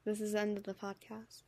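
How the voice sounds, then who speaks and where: Young female co-host, mid-pitched, casual drawling chat peppered with "like". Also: very animated, moderate pace, darkish tone. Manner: drawling, fillers like "like". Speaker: podcast co-host.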